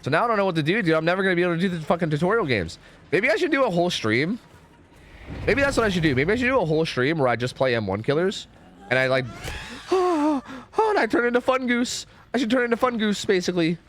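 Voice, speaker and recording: Animated young American man streaming games. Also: sits high, fast. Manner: chatty, profane, animated, reads chat aloud. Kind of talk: casual gaming stream chat.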